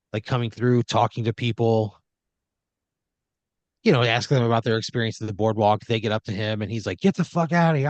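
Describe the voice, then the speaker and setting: A man's voice: lowish voice, no echo. A man hosting an improv podcast, narrating a scene in second person with a loose, rambling manner full of "like" and "you know.". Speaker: host running the improv story.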